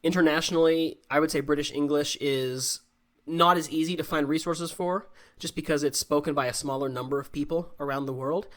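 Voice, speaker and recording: Brief: American male English teacher, slightly higher voice, patient explainer, video-call Q&A. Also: steady tone, brisk, a bit bright. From United States. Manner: explains patiently, often checks in with "right?". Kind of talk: live online Q&A lesson.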